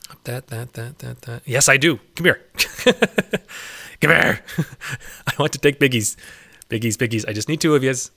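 A man's voice: medium pitch, a little fast, a bit bright. A man giving casual gameplay commentary as a let's play host, chatty and often laughing, coaxing game animals in a singsong voice.

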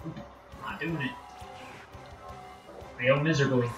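Taking his time, a man with a mid-range voice chats and rambles through a game stream, self-deprecating and quick to get sidetracked. He's from the United States with a Northern American accent. The recording is distant, dull, and roomy, with music in the background.

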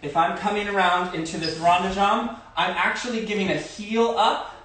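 Male dance teacher, live-streamed class, counts steps, chatty asides, slightly high voice, distant phone mic in a very echoey room. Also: steady tone, normal speed, fairly bright tone.

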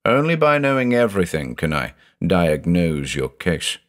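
A man voicing a stern male psychiatrist who speaks in a sharp, clipped, professional way. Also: low voice, very animated, normal speed. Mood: brisk.

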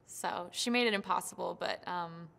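Excited young woman, gravelly voice, reverberant. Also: lowish voice, normal speed. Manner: excited, animated storytelling with many fillers and restarts. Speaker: singing contestant. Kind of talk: interview soundbite, recounting an experience.

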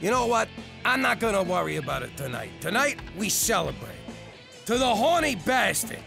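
A man voicing a gruff, exasperated ex-mobster father in an adult cartoon, prone to yelling and soft on his daughter. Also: sits high, very animated, normal speed, over music, full character voice. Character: blustery mob-guy dad, soft on his daughter. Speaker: strip club owner and father.

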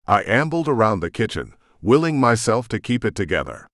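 A man narrating a first-person audiobook in a gruff, brooding way. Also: fairly low pitch, sing-song, fairly quick, dry recording, clean studio sound.

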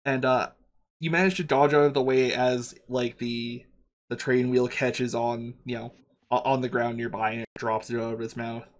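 A man's voice: medium pitch, level tone, moderate pace. Man rambling as game master. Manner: rambling, many fillers and restarts. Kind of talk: narrating a tabletop game.

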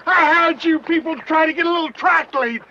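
Gravelly cowboy boss, super high sharp voice, bossy yelling in an old western comedy. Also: male voice, brisk, muffled recording, slight background noise, exaggerated voice.

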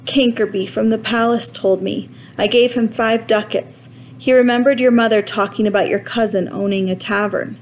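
Woman voicing a tearful scared boy, high sobbing pleas, storybook reading. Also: steady tone, moderate pace, few pauses, slight background noise, lightly acted, poor audio. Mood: sullen. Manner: sobbing, high-pitched pleading. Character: frightened, tearful boy who blames others.

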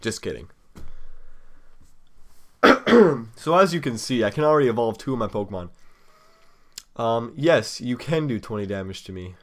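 A man's voice: medium pitch, animated, normal speed, long pauses. A young man giving casual, rambling commentary while playing a card game online, impatient and teasing, sometimes talking with chocolate in his mouth. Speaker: let's play host.

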